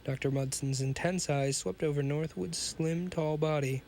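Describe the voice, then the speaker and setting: A man reads an old pulp magazine story aloud for his podcast. His voice sits a little high, and he breaks off for casual, chatty asides and trips over the odd word. A faint hiss runs underneath. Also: fairly even intonation, moderate pace, darkish tone. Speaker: podcast host reading stories.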